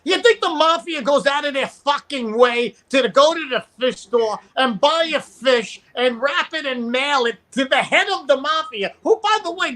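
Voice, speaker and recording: A man's voice: very high-pitched, bright, forceful tone. A man ranting bluntly and profanely as a podcast guest. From New York. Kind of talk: casual podcast chat.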